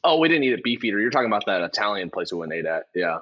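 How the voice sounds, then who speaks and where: A man joining a podcast chat, lively and joking with laughter. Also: fairly low pitch, rapid-fire, highs cut off.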